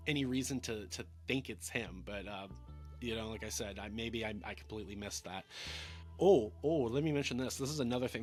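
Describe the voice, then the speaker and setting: A man's voice: mid-range voice, a bit bright. A man giving a casual film review, rambling with lots of fillers and stammered restarts.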